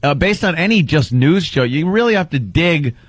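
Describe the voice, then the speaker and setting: Wry, opinionated radio co-host. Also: male voice, on the high side, lively intonation, normal speed, dry recording. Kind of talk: casual talk radio banter.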